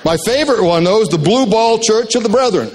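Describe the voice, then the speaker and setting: An older man with a fairly high voice tells life stories in a folksy, joking way. He is a retired speaker from Maine, animated as he works through his anecdotes. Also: a little fast, a loud crowd, heavy background noise. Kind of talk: motivational storytelling talk.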